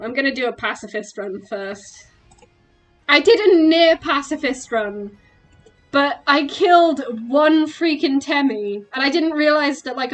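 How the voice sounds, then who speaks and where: Woman game streamer, chatty and excitable, voice a touch high, faint music underneath. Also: low-quality recording. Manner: chatty and excitable, quick exclamations and giggles. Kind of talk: casual gameplay chat.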